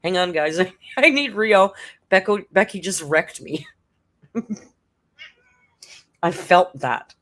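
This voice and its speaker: A woman's voice: fairly low pitch, animated, slow pace, pauses often, a bit bright. A woman hosting a live-stream reaction, chatting emotionally with frequent laughter and swearing. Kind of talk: casual live-stream commentary.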